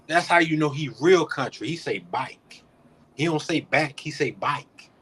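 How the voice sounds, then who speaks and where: A man's voice: a little high, fairly quick, a bit bright, slightly rough, rough recording. A man from South Georgia, hosting a casual chat and explaining things at length, with emphasis and some swearing. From South Georgia, United States. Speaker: podcast host.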